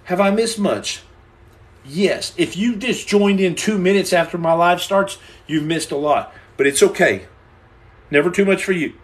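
An American man hosts a live stream, joking with viewers and reading out their questions. He's animated and playful, acting out little scenes, repeating himself, and stammering and restarting as he goes. His voice is high-pitched and a little slow.

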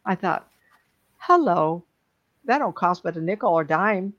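A middle-aged woman, a psychic medium, giving readings on a live stream in an emotional, chatty way with many fillers and pauses. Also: fairly low pitch. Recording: dull lo-fi stream audio.

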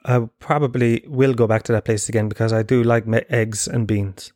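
A man talks his way through a comic podcast monologue, rambling and self-mocking with plenty of swearing. His pitch sits in an ordinary middle range. The recording is close and dry, with no room sound around it. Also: steady tone, moderate pace, a little mellow, no echo. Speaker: podcast host. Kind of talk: comedic casual monologue.

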